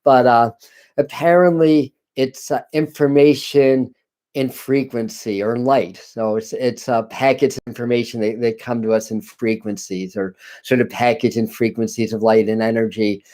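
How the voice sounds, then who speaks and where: A man with a smooth, resonant voice at an ordinary pitch, chatting through a home live stream. He talks casually in halting phrases, stops to apologize, and often restarts his sentences as he explains the session. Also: steady tone. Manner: halting, many restarts and apologies, soft laughs. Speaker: spiritual channeler hosting a live stream. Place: dim home room. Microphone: computer camera live stream.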